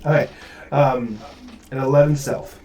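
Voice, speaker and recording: A man's voice: mid-range voice, fairly even intonation, a little slow, darkish tone. A man narrating as game master, rambling with many fillers, recorded with room echo from a distance. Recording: roomy audio from far off mic.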